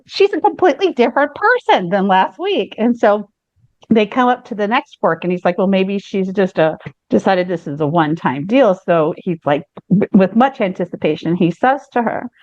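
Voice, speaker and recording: A woman's voice: medium pitch, no room sound, lo-fi sound. Woman telling a rambling joke. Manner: rambling storyteller with many fillers and restarts. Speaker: podcast host. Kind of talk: casual chat, telling a joke.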